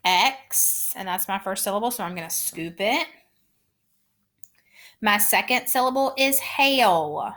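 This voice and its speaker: A woman teaching a phonics lesson, patiently sounding out words slowly and clearly. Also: medium pitch, pushed and bright. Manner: patient, encouraging.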